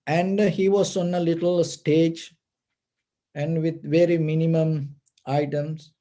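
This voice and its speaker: High-ish voice, mellow, meditation teacher telling a story, simple patient phrasing. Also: male voice. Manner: slow, patient, simple non-native phrasing. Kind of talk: storytelling dharma talk.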